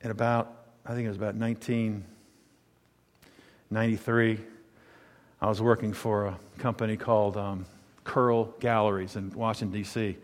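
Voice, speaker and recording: A man's voice: lowish voice, flat delivery, normal speed, long pauses, big-room sound. A man preaching, telling a rambling personal story with self-corrections. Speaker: pastor.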